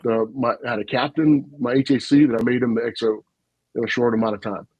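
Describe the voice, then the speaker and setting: Fast-talking muffled storytelling man. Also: mid-range voice, slightly rough, no echo. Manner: animated, folksy storyteller with frequent asides and laughs. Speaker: retired army officer guest. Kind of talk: casual storytelling on a podcast.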